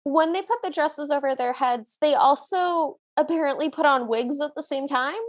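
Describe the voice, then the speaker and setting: Chatty woman cohost w a high voice, describing cartoon stuff. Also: moderate pace. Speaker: podcast co-host. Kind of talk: casual chat reviewing a cartoon.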